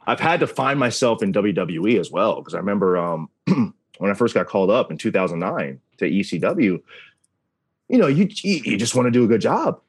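A man's voice: lowish voice, fairly quick, slightly rough, no echo. A man in his thirties, a wrestling announcer as a podcast guest, telling stories in a casual interview and acting out dialogue along the way. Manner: animated storyteller, acts out dialogue.

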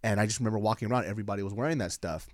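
A man chatting casually as a podcast co-host, an animated storyteller who swears freely. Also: fairly low pitch, racing, dry recording, clean studio sound. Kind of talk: casual chat.

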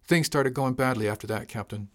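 A stiff young male officer in a spoken audiobook, voiced by the narrator. He reports in a formal, dutiful way. His pitch is middling. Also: brisk, fairly bright tone, close to an everyday voice.

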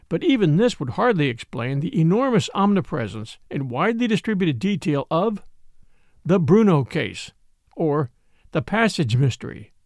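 A man narrating a mystery story aloud in an expressive storytelling style. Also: fairly high pitch, dry recording, clean studio sound. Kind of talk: scripted audiobook narration.

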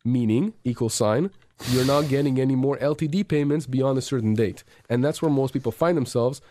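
A man's voice: medium pitch, fairly quick, mellow. A man, a lawyer giving emphatic advice on a radio talk show and often stumbling over his words as he restarts. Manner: earnest, emphatic, many restarts and stammers. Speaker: insurance and injury lawyer. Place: radio studio.

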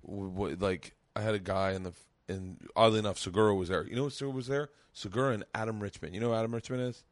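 A man hosting a podcast in loose, casual chat, animated and quick to laugh and swear. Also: lowish voice, dry recording. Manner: animated, laughing, swearing, jumps to side stories. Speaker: podcast host.

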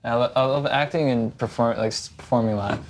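A male guest talking casually and rambling a little, often restarting what he says. His pitch is in the middle range, with faint noise in the background. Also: fairly quick. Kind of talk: casual chat.

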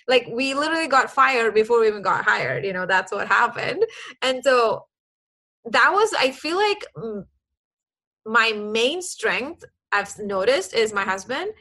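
A woman's voice: fairly high pitch, bright, forceful tone, low-quality recording. A young woman, a guest in an interview, talking earnestly and animatedly, acting out bits of her own dialogue as she speaks. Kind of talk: casual interview chat.

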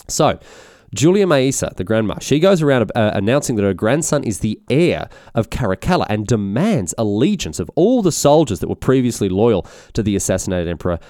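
Irreverent male narrator, rambling and animated, with a dry close sound. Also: lowish voice, brisk, dry recording. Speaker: history storyteller. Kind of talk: comedic history narration.

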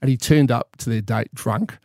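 A man's voice: mid-range voice, moderate pace, darkish tone, dry recording, clean studio sound. Man in his fifties chatting. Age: 50s. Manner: rambling, jokey, stumbles and repeats words. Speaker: podcast co-host. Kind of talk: casual chat.

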